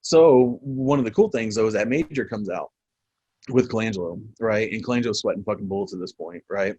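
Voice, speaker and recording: A man in his forties, a military veteran guest, telling war stories in a casual, profane, animated way with frequent laughs. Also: fairly low pitch, brisk, husky, no echo, lo-fi sound. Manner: profane, animated storyteller who laughs often. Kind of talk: casual storytelling interview.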